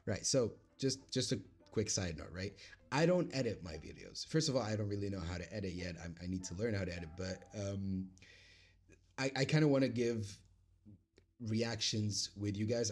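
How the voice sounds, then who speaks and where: A man's voice: low voice, normal speed, a little mellow. A man hosting a reaction video who reads an online post aloud with live commentary. He stumbles over words, jokes at his own slips and slides into a put-on British accent. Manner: drifts into a put-on British accent while reading.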